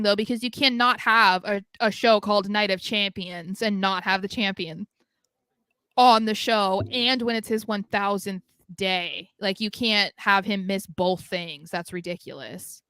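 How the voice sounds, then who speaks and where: A woman's voice: mid-range voice, fairly even intonation, unhurried, sharp tone, clean tone, no echo. A woman co-hosting a wrestling podcast, chatting casually and giving blunt opinions with frequent laughter. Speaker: co-host.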